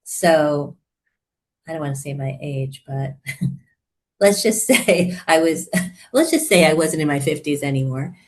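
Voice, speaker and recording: Older lady, low voice, chatty therapist telling her story, laughs a lot. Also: a little slow, pauses often. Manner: animated storytelling, laughs often. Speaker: therapist and coach, guest. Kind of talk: casual conversational interview.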